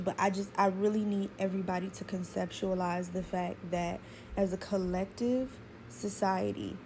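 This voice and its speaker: Woman vlogger, earnest and close to tears, low gravelly tone, faint hiss behind. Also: dark tone. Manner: earnest, pleading. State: holding back tears. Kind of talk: earnest emotional monologue.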